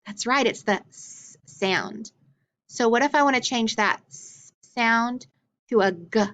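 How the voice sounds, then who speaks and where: A woman teaching a phonics lesson, sounding out letters and sounds clearly and drawing them out. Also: on the high side, expressive, takes it slowly, fairly bright tone. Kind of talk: slow, deliberate phonics lesson.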